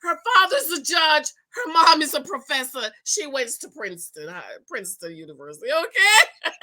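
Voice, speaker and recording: A middle-aged woman chatting casually to her viewers while recapping a TV show, animated and laughing often. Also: high-pitched, brisk. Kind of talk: casual reaction commentary.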